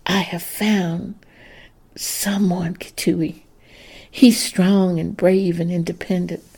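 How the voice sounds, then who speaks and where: Woman doing a young plantation daughter, spirited, emotional, pleading, slightly gravelly. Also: lowish voice, normal speed, warm tone. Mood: secretive.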